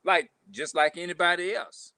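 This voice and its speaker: A man ranting casually to camera, talking rough, profane and repetitive, sounding frustrated. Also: high-pitched, fairly even intonation, moderate pace, sharp tone, no room sound. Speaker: vlogger.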